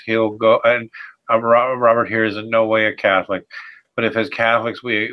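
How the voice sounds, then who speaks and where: A man hosting a casual podcast discussion, emphatic and combative, calling on each guest in turn. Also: mid-range voice. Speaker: host. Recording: muffled lo-fi audio.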